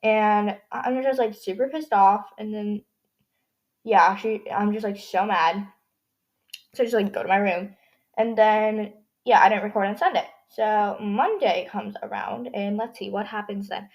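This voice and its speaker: A woman's voice: medium pitch, measured pace. A teenage girl hosting her own podcast, chatting casually with a dry, scratchy throat and rambling with lots of "like" in every sentence. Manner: chatty, rambling, heavy use of "like". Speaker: podcast host. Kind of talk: casual solo podcast chat.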